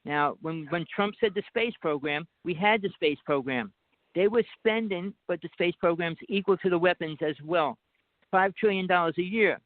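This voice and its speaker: A man's voice: sits high, moderate pace, dry recording. Insistent New Jersey man over the phone. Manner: rambling, insistent, talks over others. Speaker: guest caller. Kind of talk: casual talk show chat. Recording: dry tinny phone line.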